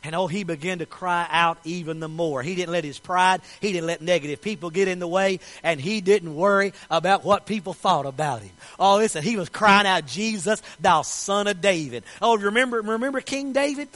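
A man preaching a sermon, his voice sitting unusually high. He talks with passion, dropping to quiet asides and then rising to shouted declarations. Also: normal speed, hardly any pauses, rough recording. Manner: impassioned, swinging from soft asides to shouted declarations. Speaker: pastor.

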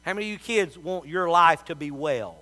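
Man, pastor, sermon, folksy storyteller, bright tone. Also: a little high, a little fast.

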